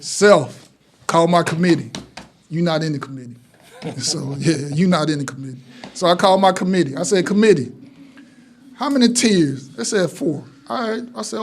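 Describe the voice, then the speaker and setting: Animated man hosting a sports talk show. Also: fairly high pitch. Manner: animated, playful list-reading with announcer calls.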